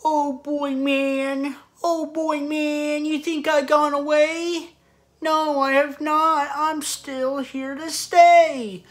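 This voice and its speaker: A man's voice: very high voice, level tone, drawn-out words, pitched above the performer's own voice, heavily acted. A man voicing a laid-back, goofy young cartoon man with a nasal drawl, as a voice impression.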